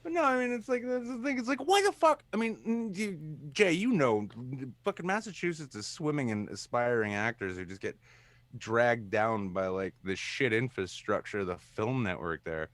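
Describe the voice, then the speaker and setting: A man rants excitably through a casual podcast conversation, swearing freely as he goes. His voice sits at an ordinary pitch, and the recording is close and dry with little room sound. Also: normal speed, dry recording. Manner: excitable, ranting, swears a lot. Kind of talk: casual chat.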